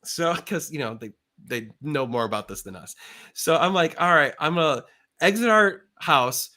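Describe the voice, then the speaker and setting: A middle-aged man tells a story on a live talk show, animated and excitable, swinging up into the voices of everyone he quotes. His voice sits a little high and sounds bright and forceful. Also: moderate pace. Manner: excitable, acts out quoted voices with big pitch jumps. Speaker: show host.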